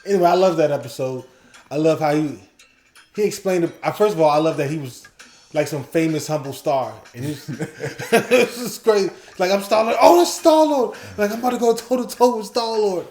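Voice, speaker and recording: A man co-hosting a casual talk show, ranking episodes and excitedly quoting scenes in animated bursts. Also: fairly high pitch, a little fast, roomy sound. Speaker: podcast co-host.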